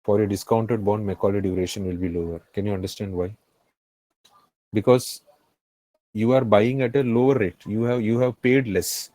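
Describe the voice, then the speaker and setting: A man's voice: fairly low pitch, steady tone, normal speed, mellow, dry recording, low-quality recording. A man with an Indian English accent teaching a finance class, repeating key phrases and often checking that the students follow. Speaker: finance tutor. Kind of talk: live classroom lecture.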